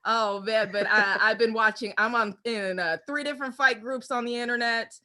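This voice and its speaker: A woman performing a brash, profane stand-up comedy set with animated storytelling. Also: a little high, normal speed.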